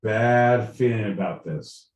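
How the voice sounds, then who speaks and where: A man from Southern California co-hosts a comedy podcast, swearing loudly in mock outrage. He talks slowly, and his voice sounds echoey and distant, off the mic. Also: lowish voice. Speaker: podcast co-host. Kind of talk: profane comedic podcast banter. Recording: echoey room, far from the mic.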